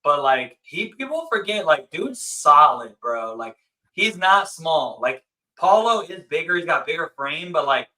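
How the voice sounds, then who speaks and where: A man co-hosting a live show, talking casually and excitedly with lots of filler words. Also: a little high, poor audio. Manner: excited, talks fast with many "like"s. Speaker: co-host. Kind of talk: casual podcast chat.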